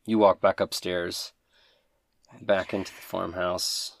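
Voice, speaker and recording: A man narrating a tabletop game as game master, in relaxed, descriptive storytelling. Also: low voice, slow pace, vocal fry, no echo, clean studio sound.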